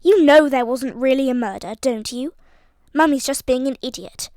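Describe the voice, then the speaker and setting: A woman reading an audiobook voices a brash, scornful young upper-class man who blusters and mocks loudly. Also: high-pitched, moderate pace, dry recording, studio quality, natural voice. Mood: blustering. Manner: loud, blustering and mocking.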